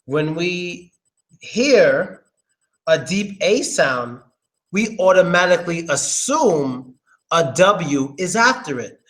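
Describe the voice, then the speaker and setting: A man's voice: fairly high pitch, fairly bright tone. Casual man teaching pronunciation. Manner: informal, repeats words slowly, casual swearing. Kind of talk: casual live-stream lesson.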